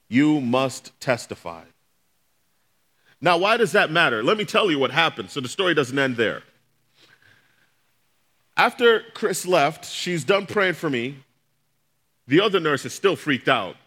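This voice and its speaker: A middle-aged pastor with a fairly bright, higher-pitched voice tells his personal testimony as a sermon. He tells it as a story, acting out the voices of the people in it.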